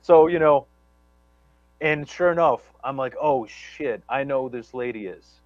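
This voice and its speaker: A man's voice: mid-range voice, a little slow, no room sound, dull audio. A man telling a long story on a live talk show, rambling and profane, with many restarts and stammers. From Chicago area. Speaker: guest storyteller.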